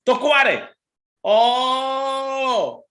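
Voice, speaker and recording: A man's voice: extremely high pitch, animated, extremely slow, a bit bright. Kenyan guy running a live stream, playful teasing banter, voice bouncing all over. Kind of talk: casual live-stream chat with viewers.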